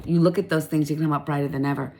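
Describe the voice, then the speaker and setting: A woman giving a casual spiritual tarot reading, chatty and emphatic, laughing often and swearing now and then. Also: very fast. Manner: laughs often, lively pitch swings.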